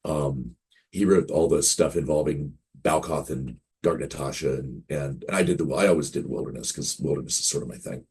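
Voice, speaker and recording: This game publisher in his fifties speaks with an extremely low, creaky voice that is husky and a little mellow, at normal speed. As an interview guest, he rambles casually through anecdotes and acts out quoted dialogue.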